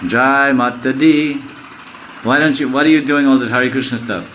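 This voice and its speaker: A man's voice: mid-range voice, fairly even intonation, moderate pace, lo-fi sound, slight background noise, close to an everyday voice. A man voicing a scornful man who jeers at devotees in a derisive way. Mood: mocking. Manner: jeering, derisive.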